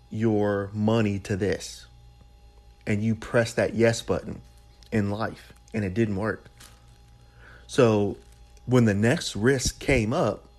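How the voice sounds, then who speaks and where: A man with a low voice delivers a sermon. He speaks in a conversational, down-to-earth way and repeats phrases for emphasis. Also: a little mellow. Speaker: preacher.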